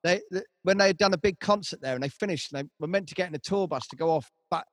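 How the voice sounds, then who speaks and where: This is a man managing a band, recounting tour stories in a relaxed chat. His voice sits high for a man and the sound is dry and close. He rambles, restarts lines and swears often. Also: fast talker, no room sound. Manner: rambling storytelling, heavy swearing, frequent restarts. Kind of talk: casual conversation.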